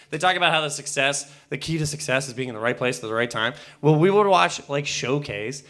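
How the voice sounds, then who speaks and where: A man from Canada giving a rambling, swearing comedic debate speech on a theatre stage. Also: a little high. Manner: loud, rambling, swearing, laughing. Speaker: comedian contestant.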